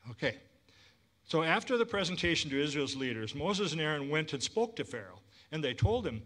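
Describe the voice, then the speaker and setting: Bright animated male pastor, slightly high voice, preaching a sermon with call-and-response. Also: normal speed. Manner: lively, calls for congregation responses.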